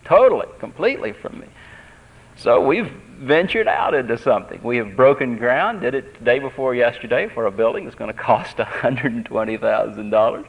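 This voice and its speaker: A man's voice: medium pitch, lively intonation, brisk, creaky, hardly any pauses. Guy preaching a sermon, earnest and chatty, repeats himself, dull old tape sound. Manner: earnest, conversational, repeats phrases. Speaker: pastor. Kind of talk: sermon with personal storytelling.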